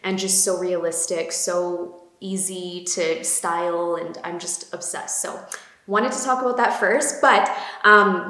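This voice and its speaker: A woman's voice: on the low side, fairly bright tone. A young woman gushing about beauty products in a casual vlog, with lots of fillers. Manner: bubbly, gushing, many fillers. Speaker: beauty vlogger. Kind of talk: casual chatty product talk. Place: home room. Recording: echoey room.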